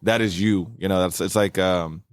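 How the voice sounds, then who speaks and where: A man's voice: low-pitched, steady tone, clear, resonant tone, no echo, clean studio sound. A man co-hosting a casual podcast chat at a convention, rambling with lots of "like" and "man". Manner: fast, rambling, heavy on "like" and "man". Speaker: podcast co-host.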